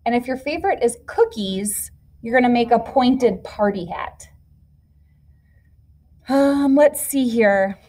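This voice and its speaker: A woman's voice: a little high, animated, slow pace, long pauses, darkish tone. A woman teacher patiently explaining a classroom activity step by step to young children. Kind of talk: classroom instruction video.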